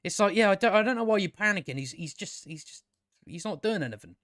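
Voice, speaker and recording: A man's voice: high voice, animated, quick pace, fairly bright tone. A man giving a rambling, sweary, mocking commentary while reviewing a show. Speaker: video reviewer. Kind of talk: casual commentary over clips.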